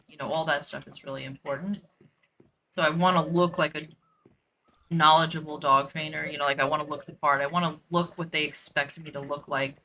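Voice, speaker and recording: A woman's voice: low voice, sharp tone, rough recording. A woman who works as a dog trainer, chatting casually and thinking aloud while she plays a game, with lots of "like" and "you know" fillers. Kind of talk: casual chat while gaming.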